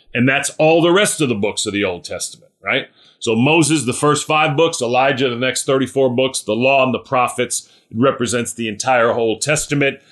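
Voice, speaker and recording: A man's voice: mid-range voice, a bit bright. Guy teaching a bible study, earnest, keeps asking right?, medium voice. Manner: earnest, often checks in with listeners.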